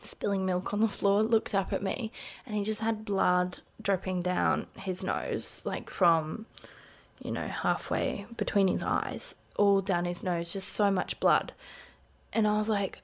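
Creaky-voiced Australian woman. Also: mid-range voice, measured pace. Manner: casual, talks with many "like" fillers, shifts into a hushed voice at times. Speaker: interview guest. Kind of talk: personal story told in an interview.

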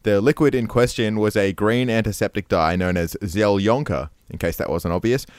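A man's voice: fairly low pitch, normal speed, dry recording. A man co-hosting a comedy news show, reading scripted satirical news with a dry, wry delivery.

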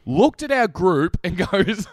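A young man, telling animated stories in a casual podcast chat and swearing often. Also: high-pitched, slow pace, no echo, studio quality. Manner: animated storytelling, swears a lot, laughs often. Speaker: podcast co-host.

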